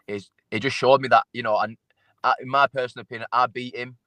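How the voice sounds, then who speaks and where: A man's voice: medium pitch, fairly even intonation, quick pace, bright, forceful tone, no echo. A man, a fighter talking casually as an interview guest, blunt and sweary, often repeating himself. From England.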